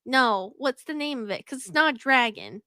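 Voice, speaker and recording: A woman's voice: high-pitched, expressive, moderate pace, sharp tone, clean tone, dry recording. A young woman co-hosting a casual podcast, laughing often and swearing casually as she recaps the story. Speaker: podcast co-host.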